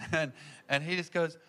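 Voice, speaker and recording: A man doing stand-up, telling animated family stories and acting out the people in them. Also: fairly high pitch, takes it slowly. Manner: animated, acts out family members in loud voices. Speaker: stand-up comedian. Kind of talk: stand-up storytelling. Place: comedy venue with audience.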